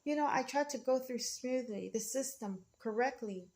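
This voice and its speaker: A woman's voice: a little high, moderate pace, a little mellow. A woman speaking in an emotional, rambling monologue, defiant and often repeating herself.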